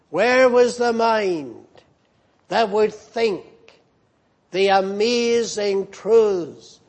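High-pitched guy preaching a sermon real slow, drawn out and emphatic. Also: a little mellow.

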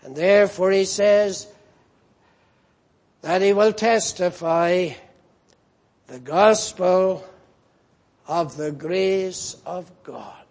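A man preaching a sermon in a slow, measured way, rising in emphasis on key phrases. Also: sits high, darkish tone.

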